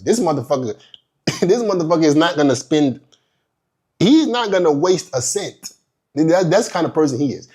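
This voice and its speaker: A man's voice: fairly high pitch, slightly rough. A man who is a business coach, telling a personal story in a course lecture in a blunt, profane, emphatic way. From immigrant.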